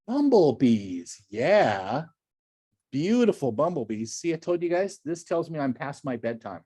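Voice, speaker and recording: An older man giving a lively, enthusiastic slide lecture to a club, full of chatty asides and gushing praise. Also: fairly high pitch, unhurried, breathy edge, no room sound, clean studio sound. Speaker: naturalist lecturer.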